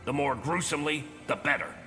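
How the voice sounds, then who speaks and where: A man's voice: a little high, brisk, sharp tone, soft background music. A man voicing a bitter, cruel male orc butcher in a video game, speaking in a menacing, sneering way. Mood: bitter, scornful.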